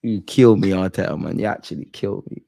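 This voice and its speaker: A young man hosting a live football watch-along, animated and slangy, swinging from loud outbursts to low muttering. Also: brisk, gravelly.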